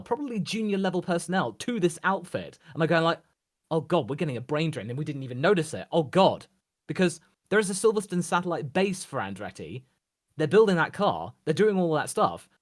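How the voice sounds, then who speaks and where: A man co-hosting a casual podcast, animated and theatrical, acting out imagined reactions. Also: high voice. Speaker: podcast co-host.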